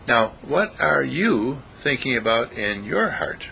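A man giving an informal spiritual talk, animated and acting out voices as he goes. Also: mid-range voice, unhurried, creaky, hardly any pauses, slight background noise, poor audio. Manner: animated, acts out voices, chuckles often.

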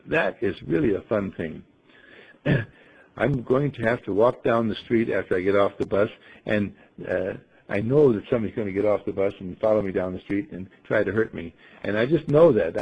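A man leading a group in a folksy storytelling talk, asking rhetorical questions and often clearing his throat. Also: mid-range voice, muffled recording. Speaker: group leader telling a story.

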